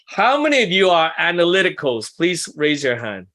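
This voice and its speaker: A man's voice: fairly high pitch, very animated, normal speed, sharp tone. Conversational man leading a workshop. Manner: conversational, asks the group questions, self-deprecating asides. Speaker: workshop leader for ministry couples. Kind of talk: casual teaching talk to a small group.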